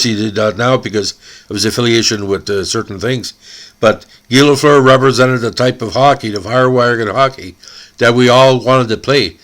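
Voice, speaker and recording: A man from Canada hosting a hockey podcast, emotional and tearful, halting and repeating words as he speaks. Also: medium pitch, a bit bright. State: crying.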